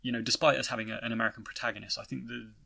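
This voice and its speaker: A man's voice: mid-range voice, little pitch movement, rapid-fire, creaky, sharp tone. A young British man giving a casual, rambling spoken review of a video game, with many restarts and fillers. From Britain. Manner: rambling, frequent "you know" and restarts.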